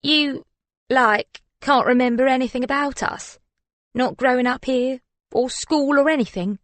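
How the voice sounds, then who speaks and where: A woman's voice: high-pitched, unhurried, a bit bright, no echo, voice pushed up. Woman voicing a blunt, teasing younger sister. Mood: incredulous. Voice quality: casual, slangy, teasing. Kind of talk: audiobook character voice.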